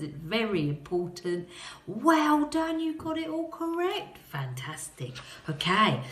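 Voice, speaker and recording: A woman teaching a phonics lesson to young children, talking in a slow, encouraging way and coaxing them to answer. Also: mid-range voice, echoey room.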